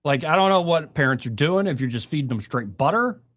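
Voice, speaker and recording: A man's voice: on the high side, expressive, fairly quick, a bit bright, dry recording. Brief: man, 30s, talk radio host, blunt and jokey, dead-dry booth. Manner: wisecracking, blunt, lots of fillers. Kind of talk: casual political talk show.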